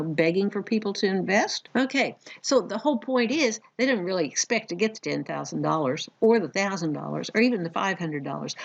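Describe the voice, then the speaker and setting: A woman teaching a recorded college psychology lecture in a conversational, animated way. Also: mid-range voice, creaky, lo-fi sound. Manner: conversational, animated, acts out examples.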